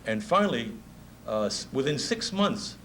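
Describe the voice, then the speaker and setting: A man's voice: mid-range voice, moderate pace, slight background noise, poor audio. A man in his fifties with a New York accent, a music promoter telling stories in a speech and laughing often. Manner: animated storyteller, laughs often. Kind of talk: anecdotal speech.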